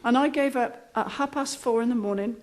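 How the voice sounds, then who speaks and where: A middle-aged woman with a high voice tells a comic anecdote on stage. Her delivery is dry and self-mocking, chatty, and easygoing. She keeps a warm storyteller's rhythm. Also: fairly quick. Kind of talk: humorous anecdote told on stage.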